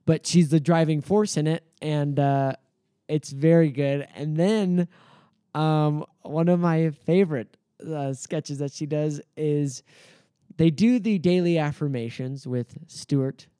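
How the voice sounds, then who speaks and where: Mellow-voiced man chatting on a podcast. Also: a little high, slow, clear, resonant tone, dry recording, clean studio sound. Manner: rambling, frequent uh fillers, amused. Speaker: podcast co-host. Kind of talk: casual chat recapping comedy sketches.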